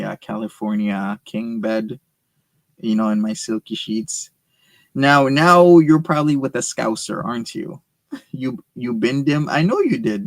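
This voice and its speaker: A man's voice: medium pitch, dry recording. A man hosting a stream, giving casual, teasing commentary on a clip. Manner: teasing, mocking banter with chat. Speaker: stream host reacting to a clip.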